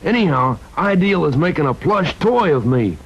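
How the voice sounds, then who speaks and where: Rolf, a husky puppet dog. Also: male voice, big pitch swings, normal speed, full character voice. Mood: chatty. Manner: chatty, flustered sales pitch. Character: shaggy puppet dog, friendly salesman. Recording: dull lo-fi vintage TV audio.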